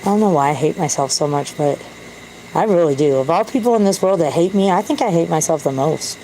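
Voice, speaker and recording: A woman's voice: sits low, animated, a little fast, mellow, slight background noise, rough recording. A woman talking to camera in a candid, self-deprecating, rambling way. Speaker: vlogger. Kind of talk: casual rambling monologue.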